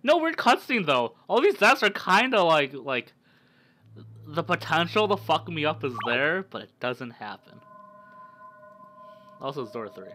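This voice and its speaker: Animated man streaming with a cold. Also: fairly high pitch, unhurried, long pauses, a little hiss or hum. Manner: animated, swears, loud frustrated outbursts. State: sick with a cold, coughing. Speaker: gaming streamer. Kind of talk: casual let's-play commentary.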